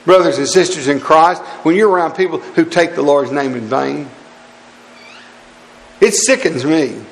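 Man, preacher, sermon, gravelly voice, slightly high pitch, long church hall reverb. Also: unhurried, slight background noise. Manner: fervent, rhetorical questions, repeats phrases.

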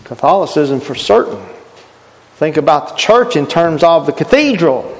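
A man's voice: on the high side, sing-song, normal speed, long reverb tail, rough recording. A man preaching a sermon earnestly, asking rhetorical questions and stressing his points.

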